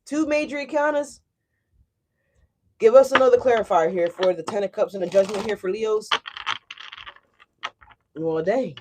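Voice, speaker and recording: A woman giving a casual tarot reading to her viewers, animated and emphatic. She often checks in with "right?" and swears freely. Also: mid-range voice, normal speed, pauses often, background noise. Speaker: tarot reader.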